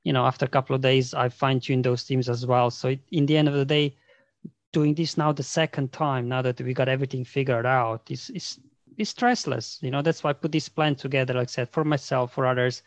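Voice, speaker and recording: A man guesting on a podcast, explaining in a relaxed casual way with lots of "you know" and "right?". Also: medium pitch, brisk, dry recording. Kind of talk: casual chat.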